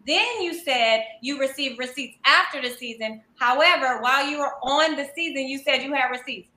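A woman on a review panel who questions the story point by point in a rapid, pointed way. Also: high voice, pushed and bright. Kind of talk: casual panel discussion. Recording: roomy echo.

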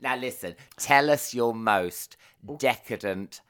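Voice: medium pitch, takes it slowly, a bit bright. A radio host chatting with a guest and cracking cheeky, bawdy jokes. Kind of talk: casual interview chat.

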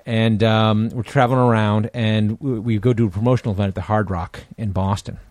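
Fast-talking, profane male podcast co-host. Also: lowish voice, fairly even intonation, darkish tone, no room sound. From Connecticut. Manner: fast, profane anecdote telling. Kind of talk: casual podcast chat.

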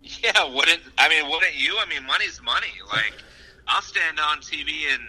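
A man co-hosting a podcast, chatting in an animated, joking way. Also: on the high side, moderate pace, slightly rough, low-quality recording. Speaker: podcast co-host. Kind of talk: casual chat.

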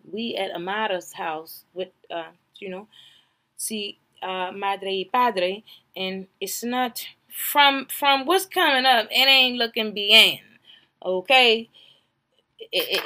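Animated, profane woman podcaster. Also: mid-range voice, takes it slowly. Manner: animated, profane, swinging from loud exclamations to hushed asides. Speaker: podcast host recapping a reality show. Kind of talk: casual comedic recap.

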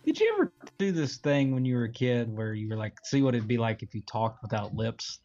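A man's voice: mid-range voice, very animated, a little fast, darkish tone, highs cut off, soft background music. A man co-hosting a podcast in casual chat, rambling and going off on tangents. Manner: rambling, goes off on tangents, chuckles often. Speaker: podcast co-host.

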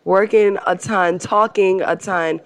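A woman co-hosting a podcast with a voice hoarse from a cold, chatting in a friendly way with laughing banter. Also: mid-range voice, fairly even intonation, slow pace, no echo. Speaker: podcast co-host. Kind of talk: casual chat.

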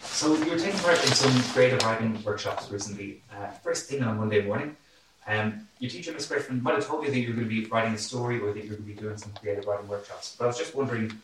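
A man's voice: on the low side, fast talker. A man casually interviewing a group of students about a writing workshop, asking friendly open questions. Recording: echoey, distant and noisy room.

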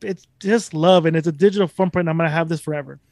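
A man's voice: a little high, steady tone, quick pace, a little mellow, dry recording, studio quality. A young man hosting a podcast, talking casually in a profane, rambling, emphatic way. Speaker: podcast host.

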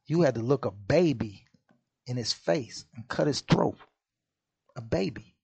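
A man's voice: medium pitch, creaky, husky. A man hosting a podcast, giving an impassioned monologue in blunt, profane street slang. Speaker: podcast host.

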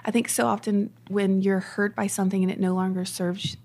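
Husky gravelly woman, soft and earnest. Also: medium pitch, little pitch movement, brisk. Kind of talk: heartfelt casual conversation.

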